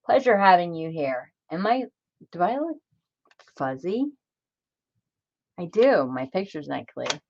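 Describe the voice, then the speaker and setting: A woman's voice: on the low side, sing-song, a little slow, creaky, pauses often, darkish tone, muffled recording. A woman chatting casually on a crafting livestream, talking to herself as she works and greeting viewers by name.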